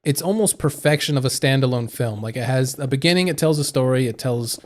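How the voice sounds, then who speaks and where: A man's voice: medium pitch, fairly quick. Rambling young man chatting on stream. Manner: rambling, thinking aloud with fillers and restarts. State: hiccuping. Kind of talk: casual live-stream chat.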